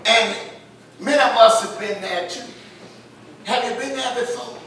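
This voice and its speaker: High, bright preacher in echoing church. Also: male voice, a little slow, a little hiss or hum. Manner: preaching with call-and-response and rising shouts. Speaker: pastor. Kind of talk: sermon. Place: church sanctuary. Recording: roomy echo, mic at a distance.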